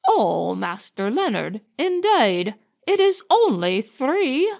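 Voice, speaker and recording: A woman reading an audiobook voices a doting, scolding old nanny, high and wailing. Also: sing-song, heavily acted. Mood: fond scolding. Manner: high, slow, wailing and coaxing.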